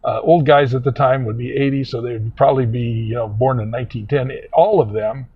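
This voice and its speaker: Older guy just rambling on, lots of uhs, kinda raspy, dull recording. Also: mid-range voice, steady tone. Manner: meandering, halting with many fillers. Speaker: vlog host. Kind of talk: casual rambling storytelling.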